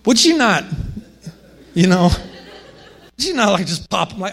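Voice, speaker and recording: High-voiced man preaching conversationally. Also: sing-song, a little slow, vocal fry, a bit bright. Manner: conversational preaching with frequent restarts and asides. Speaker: pastor. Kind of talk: sermon.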